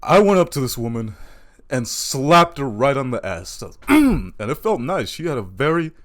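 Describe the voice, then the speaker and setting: A man's voice: mid-range voice, sing-song, normal speed. A man doing a stand-up comedy routine, telling crude, self-mocking stories.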